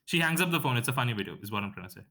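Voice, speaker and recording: Guy cohosting a podcast, crude jokey banter, bouncy voice. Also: mid-range voice. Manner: crude and joking, lively, quick to laugh. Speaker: podcast co-host. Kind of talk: casual banter.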